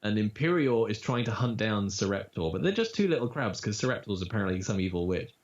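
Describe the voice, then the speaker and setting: A man who works as a voice actor, talking casually in an interview and telling animated stories, with quick demo voices. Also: lowish voice. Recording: dull lo-fi audio.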